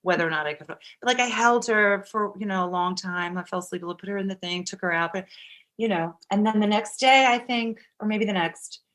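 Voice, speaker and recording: Animated woman telling a personal story. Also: medium pitch, brisk. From Kansas. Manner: animated, acts out quotes. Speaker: actress guest. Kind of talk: casual storytelling.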